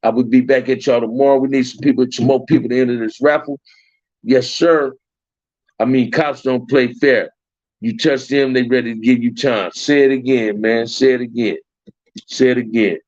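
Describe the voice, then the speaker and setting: A man's voice: medium pitch, fairly even intonation, moderate pace, a little mellow, dry recording. Middle-aged LA man, livestream host, loose and slangy, repeats himself, mid-range voice, muffled stream audio. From Compton, Los Angeles. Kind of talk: casual livestream chat with viewers. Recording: dull, dry lo-fi stream audio.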